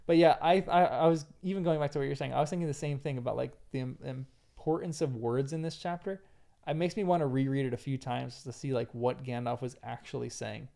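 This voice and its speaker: A man's voice: medium pitch, fairly even intonation, a little fast, creaky, warm tone. A man co-hosting a casual book discussion, talking enthusiastically and rambling with lots of "like". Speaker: podcast co-host.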